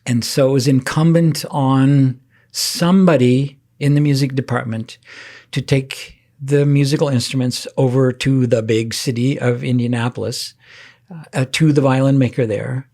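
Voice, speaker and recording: An older man as an interview guest, telling stories in a halting way, with many restarts and soft laughs. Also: medium pitch, fairly even intonation. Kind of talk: casual storytelling interview.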